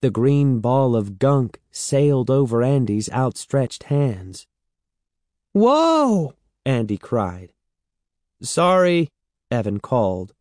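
A man narrating an audiobook in a steady, measured storytelling manner. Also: medium pitch, no echo, studio quality. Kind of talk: audiobook reading.

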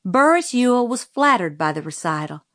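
A woman reading a novel aloud as a storybook narrator, in a measured, deliberate way. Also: a little high, sing-song, fairly bright tone, no room sound, studio quality. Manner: slow, measured, deliberate delivery. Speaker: audiobook reader.

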